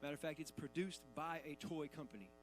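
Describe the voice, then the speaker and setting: A man in his thirties preaching in a church, his voice sitting notably high for a man. He moves between earnest emphasis and loose, chatty asides, with soft music faintly underneath. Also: fast. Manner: conversational and emphatic, with casual asides. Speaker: pastor. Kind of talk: sermon. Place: church sanctuary.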